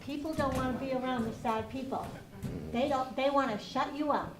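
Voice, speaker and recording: A middle-aged woman from a grief support group speaks earnestly and plainly in a high voice. She sounds distant from the mic in an echoey room, with faint background noise. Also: fairly quick, faint music behind.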